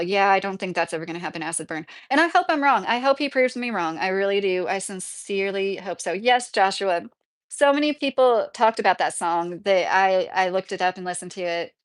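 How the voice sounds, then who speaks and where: A woman's voice: medium pitch, expressive, a little fast. Woman, livestream host, rambling chatty delivery, answers viewers by name. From Kentucky. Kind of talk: casual live-chat talk.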